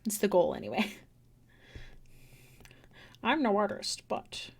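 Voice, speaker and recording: A woman artist chats with her livestream audience while she draws, her voice sitting at an ordinary middle pitch. She is loose and encouraging, drops the odd swear word and laughs easily between thoughts. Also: big pitch swings, a little mellow, breathy edge. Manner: chatty, encouraging, quick to laugh, swears casually. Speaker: artist streamer. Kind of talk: casual chat while drawing on a livestream.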